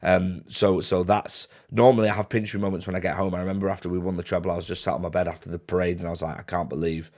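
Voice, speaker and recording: A man's voice: deep voice, flat delivery, very fast, hardly any pauses, darkish tone. Chatty young man answering questions. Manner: chatty, slangy, laddish, reads questions in a raised voice. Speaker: YouTuber answering fan questions. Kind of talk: casual Q&A to camera.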